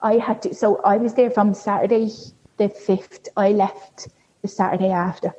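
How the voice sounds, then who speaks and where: A woman's voice: medium pitch, fairly even intonation, moderate pace, mellow, slightly rough. A woman guest telling a personal story in a candid, chatty way, leaning on filler words. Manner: chatty, heavy use of "like" fillers. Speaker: podcast guest sharing a birth story. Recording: dull lo-fi recording.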